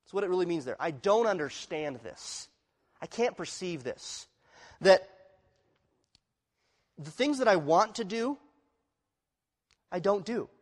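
High-voiced man preaching in a reverberant hall. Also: lively intonation, a little slow, long pauses. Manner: swings from quiet confessional to loud emphatic, acts out inner voices. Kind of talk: expository sermon.

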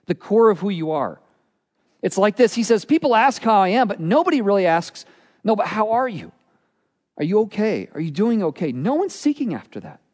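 A pastor preaching a sermon with earnest, expressive delivery, often dropping to a quiet, intense tone. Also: male voice, a little high. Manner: earnest, expressive preaching with dramatic drops in volume. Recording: long hall reverb.

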